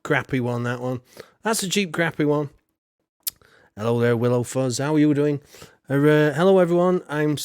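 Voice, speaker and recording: A man's voice: on the high side, darkish tone, dry recording, clean studio sound. A man streaming a farming game, rambling casually and greeting viewers by name. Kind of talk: casual gameplay commentary.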